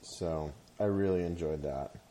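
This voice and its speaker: A man telling a story in casual chat, rambling and halting, with frequent swearing. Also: deep voice, warm tone.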